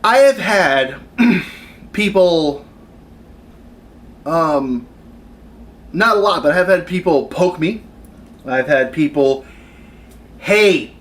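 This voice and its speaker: A man's voice: a little high, animated, slow pace, pauses often. A man in his thirties ranting on camera about his retail job, exasperated and sarcastic. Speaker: retail worker venting on camera. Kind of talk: comedic rant vlog.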